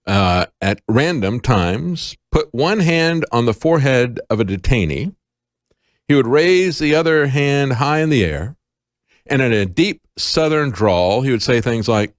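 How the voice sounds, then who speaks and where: A man's voice: mid-range voice, expressive, measured pace, dry recording, clean studio sound. A middle-aged man hosting a news commentary show, talking in an impassioned, emphatic way that climbs to indignant peaks. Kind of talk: talk radio commentary.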